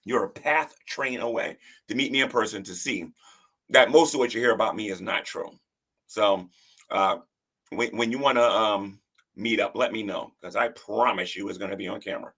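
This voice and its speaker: A man's voice: on the low side, normal speed, a bit bright, breathy edge. A man hosting a livestream who gives casual, defensive commentary and often repeats himself and restarts his sentences.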